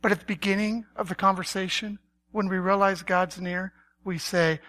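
A woman's voice: mid-range voice, normal speed. A woman preacher, a parent, delivering a sermon and animatedly acting out conversations with God. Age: adult parent. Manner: animated, acts out dialogue with God.

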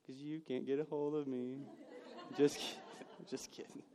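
A man preaching a sermon, telling personal stories and moving between loud bursts and hushed moments. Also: fairly high pitch, flat delivery, unhurried, a faint crowd. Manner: storytelling, swings from loud to hushed. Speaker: pastor.

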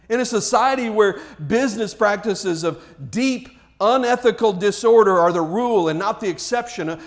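A man preaching a sermon, fervent and emphatic, often restarting his phrases. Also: sits high.

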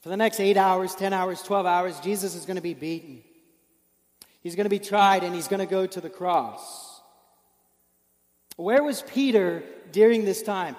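High-voiced preacher in a reverberant hall. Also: male voice, moderate pace, a little mellow. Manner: earnest storytelling, rising with emotion, rhetorical questions. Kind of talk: sermon.

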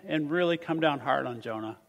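Male pastor, voice on the high side, dynamic sermon delivery, big hall reverb. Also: brisk, gravelly. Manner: animated, swings between loud emphasis and soft asides. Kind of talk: sermon with scripture reading. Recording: long reverb of a large hall.

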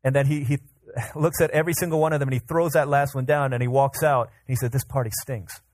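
A man preaching a casual, energetic sermon to a congregation, often repeating and restarting words as he tells everyday examples. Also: mid-range voice, quick pace. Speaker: pastor. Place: church service with congregation.

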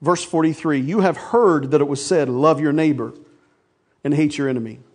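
A man's voice: on the high side, normal speed, darkish tone. A man preaching a sermon to his church, folksy, calling the congregation folks and asking for amens. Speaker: pastor.

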